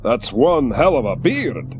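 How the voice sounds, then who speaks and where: An actor playing a young orc hero who makes dry, matter-of-fact remarks in an adventure game. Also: male voice, mid-range voice, big pitch swings, unhurried, faint music behind. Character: young male orc hero in disguise, steady. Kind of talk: 1990s adventure game voice acting.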